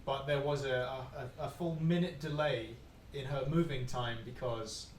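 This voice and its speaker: A man reading task results on a casual comedy panel, halting and filler-heavy. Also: mid-range voice, steady tone, recorded from a distance. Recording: echoey room heard from afar, with noise.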